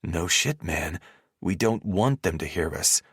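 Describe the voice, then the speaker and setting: A man's voice: sits low, expressive, unhurried, a bit bright, slightly rough, dry recording, studio quality, exaggerated voice. A man voicing a brash, hot-headed young mob brother with a crude, scoffing way of talking, in an audiobook. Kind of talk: audiobook character voice.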